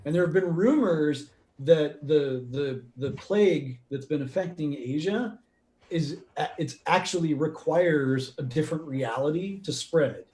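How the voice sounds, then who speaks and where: A man narrating a tabletop role-playing game as game master, telling the action in a loose, animated way with many fillers. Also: a little high, measured pace. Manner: animated, filler-heavy storytelling.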